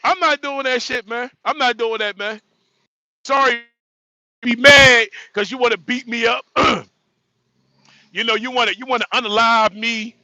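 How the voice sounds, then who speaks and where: A man's voice: extremely high pitch, fairly even intonation, unhurried, long pauses, bright, forceful tone, no room sound, muffled recording. A man, a trucker hosting a casual livestream, joking and repeating himself as he talks. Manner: joking, repetitive, frequent laughter. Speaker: livestream host; truck driver.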